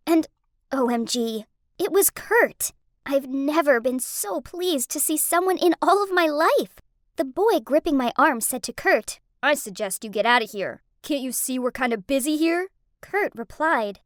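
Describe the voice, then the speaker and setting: High, emotional woman narrating a story. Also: dry recording, studio quality. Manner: emotional, dramatic. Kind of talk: first-person animated story narration.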